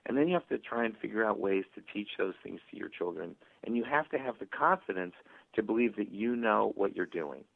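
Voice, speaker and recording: A male author telling stories and acting out parents' voices in a radio interview, with a husky, gravelly voice. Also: lowish voice, lively intonation, brisk. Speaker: author guest. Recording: tinny phone line.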